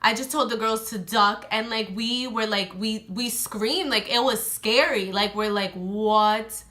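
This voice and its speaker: A young woman vlogger telling a true story in a casual, animated storytime monologue, filling her talk with "like" and acting out her friends' lines. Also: on the high side, unhurried. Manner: animated, heavy use of "like", acts out friends' lines. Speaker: beauty vlogger.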